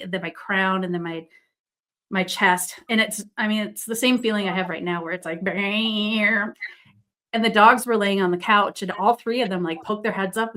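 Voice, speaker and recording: A woman, a psychic medium guest, telling a personal story in a rambling, casual way, full of fillers, excited and buzzing. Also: medium pitch.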